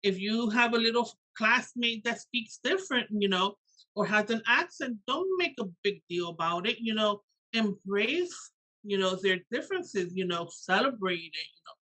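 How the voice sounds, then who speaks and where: A woman's voice: mid-range voice, moderate pace, rough recording. A middle-aged woman from Puerto Rico with a Puerto Rican accent, talking in a casual interview and often saying "you know". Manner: animated, lots of "you know" fillers. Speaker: guest author and educator.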